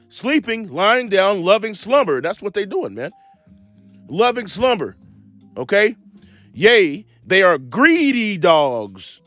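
A man preaching an impromptu scripture lesson, reading verses slowly and mixing in street slang and blunt asides. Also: high-pitched, fairly bright tone. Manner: preaching, reads scripture slowly and drawls key words; street slang, repeats himself, laughs at his own jabs.

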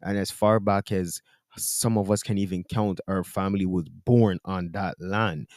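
A Jamaican man with a deep, mellow voice, talking things through to camera in a casual, earnest way. He reasons out his point and pushes back on critics. The sound is close and dry, with no room around it. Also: fairly even intonation, a little slow, no echo. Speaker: video commentator.

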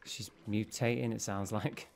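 A man's voice: on the low side, fairly even intonation, unhurried, creaky, background noise. A man giving horror let's play commentary, jumpy and panicky, with frequent swearing and sudden outbursts. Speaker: gameplay channel host.

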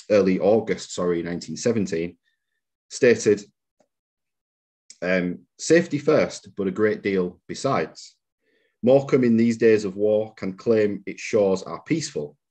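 A man giving a public history lecture as a museum lecturer, measured and reading out quotations with occasional fillers. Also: sits low, a little mellow. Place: lecture room.

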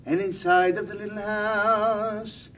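A man's voice: high-pitched, level tone, a bit bright, distant mic, slight background noise. A man doing a dreamy sing-song rabbi. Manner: slow, dreamy, sing-song with Yiddish words. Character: impression of a famous singing rabbi storyteller. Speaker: comedian. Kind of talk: comic impression storytelling. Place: live event.

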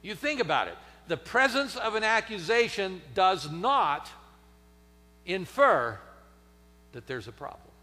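Pastor guy preaching, bright high voice that jumps all over, long church echo. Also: very animated, measured pace. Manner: dramatic, swings between loud emphasis and near-whispers. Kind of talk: sermon. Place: church sanctuary.

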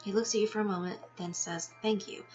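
A woman's voice: mid-range voice, steady tone, quick pace, darkish tone. A woman reading a text game aloud with her own asides, now and then tripping over words and laughing at herself. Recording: dull lo-fi sound with music behind.

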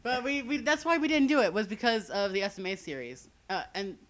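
A man's voice: high voice, fairly quick, fairly bright tone. A man chatting casually in a fan commentary, teasing and rambling with lots of filler words. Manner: joking, teasing, rambling with many "like"s. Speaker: co-host of fan series commentary.

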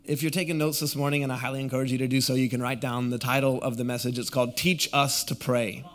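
A man's voice: mid-range voice, level tone, fast talker, fairly bright tone. A young adult man preaching a sermon as a guest pastor, drawing the congregation in and having them repeat phrases back. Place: church auditorium.

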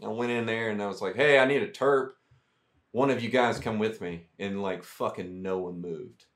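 A man's voice: lowish voice, fairly even intonation, normal speed. A man, a veteran guest, telling profane, rambling war stories in casual talk. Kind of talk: casual storytelling.

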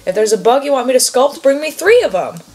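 A woman's voice: high voice, sing-song, fast talker, darkish tone, voice pushed up. A woman reading aloud the lines of a dreamy male artist obsessed with bugs, in an earnest, wistful, poetic way. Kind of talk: reading game dialogue aloud.

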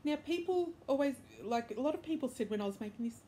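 A woman's voice: sits high, animated, quick pace, warm tone, slight background noise. Chatty woman showing her crochet. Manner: chatty and rambling, with fillers and self-corrections; enthusiastic, upbeat. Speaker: crochet and knitting podcast host. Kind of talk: casual show-and-tell chat. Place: indoors at home, bedroom.

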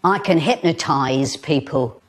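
A man voicing a shrill, bossy, exasperated woman in squealing, exaggerated outbursts, with audience noise behind. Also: a little slow, fairly bright tone, no echo.

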